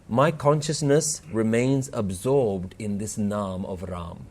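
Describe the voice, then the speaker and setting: This Sikh workshop speaker takes his time, talking slowly in a lowish, slightly mellow voice with hardly any pauses. Earnest throughout, he shares stories and scripture quotes, letting his voice rise and fall for emphasis.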